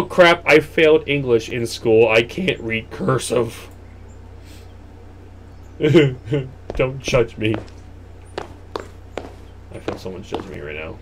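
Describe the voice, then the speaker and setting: A man's voice: mid-range voice, a little hiss or hum. A young man hosting a horror game playthrough, joking and rambling animatedly. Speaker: let's play host.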